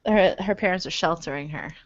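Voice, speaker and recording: A woman's voice: fairly low pitch, fairly quick, no room sound. A young woman co-hosting a casual podcast, joking playfully and laughing often. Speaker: podcast co-host. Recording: muffled lo-fi podcast audio.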